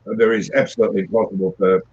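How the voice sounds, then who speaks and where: A man's voice: low-pitched, steady tone, fast, darkish tone, muffled recording. A man calling in for a casual chat, plain-spoken and leaning on "you know.". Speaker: caller.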